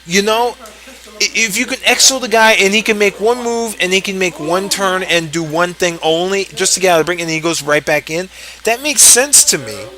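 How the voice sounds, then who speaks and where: Tired man, high bright voice, swearing rant about game rules, lots of restarts. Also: normal speed, low-quality recording. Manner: profane, exasperated, rambling with many restarts. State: tired late at night. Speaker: board game player ranting. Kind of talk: casual ranting commentary.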